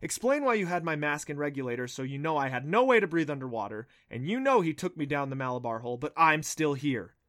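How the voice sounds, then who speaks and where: An earnest, stubborn boy, as a man reads him in a storybook, pressing his point in a defiant way. The voice sits a little high and dry, close to the mic. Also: big pitch swings, fast talker, few pauses, fairly bright tone, no echo. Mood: insistent. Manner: insistent, defiant.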